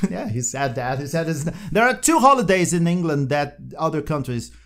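Animated male co-host, slightly high voice, lively pitch, storytelling chat. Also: moderate pace. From Brazil. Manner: animated storyteller, laughs often. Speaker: podcast co-host. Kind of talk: casual chat. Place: Brazil.

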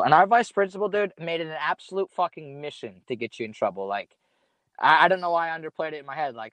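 A man's voice: on the high side, expressive, brisk, fairly bright tone, dry recording. A young man telling a casual story in a rambling way, full of slang and swearing. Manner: profane, rambling, laid-back slang. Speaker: podcast guest storyteller.

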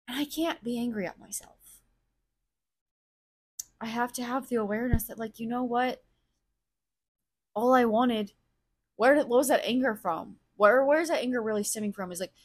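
A woman's voice: fairly high pitch, moderate pace, pauses often, breathy edge. A woman hosting a podcast, speaking in a candid solo monologue, blunt and profane, openly reflecting on her own feelings as she talks. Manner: blunt, profane, emotionally raw; self-reflective, thinking aloud. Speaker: podcast host.

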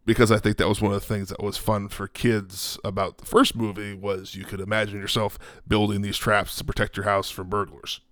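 A man co-hosting a casual movie review chat, measured and analytical, with some hesitations. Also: on the low side, flat delivery, a bit bright, no echo, clean studio sound. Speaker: podcast co-host.

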